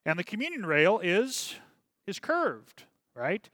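A man's voice: sits high, big pitch swings, slow, fairly bright tone, no echo, clean studio sound. A man, a pastor, teaching a church class in a conversational way, often checking in with "okay?" and reading passages aloud. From Minnesota. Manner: many fillers and restarts, reads passages aloud.

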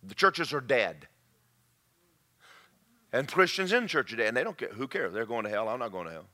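A man preaching a sermon to a congregation, swinging between loud shouts and quiet, confiding asides. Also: medium pitch, very animated, moderate pace.

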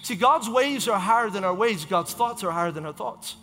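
A man delivers an impassioned sermon, repeating phrases and correcting himself quickly as he drives a point home. His voice sits high and bright. The sound comes from a reverberant church hall with faint music underneath. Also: lively intonation. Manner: impassioned, repetitive preaching with quick self-corrections. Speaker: pastor.

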